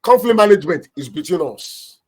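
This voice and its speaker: High-voiced Nigerian pastor giving emphatic advice. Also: male voice, animated, fairly quick, a little mellow. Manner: emphatic, preacherly, acts out little anecdotes. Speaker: pastor and marriage counselor. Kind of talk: marriage advice on a talk show.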